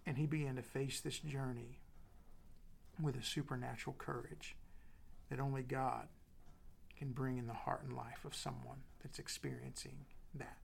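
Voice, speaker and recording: A middle-aged man preaching a sermon as pastor, dropping to soft whispers and building with emphatic repetition. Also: mid-range voice, level tone, normal speed, creaky, slight background noise.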